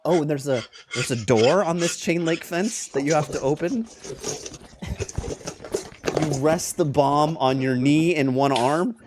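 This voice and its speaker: Man, game master, tabletop live play, suspenseful narration, slightly high voice. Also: noisy background. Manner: laughs between lines, builds suspense in slow narration.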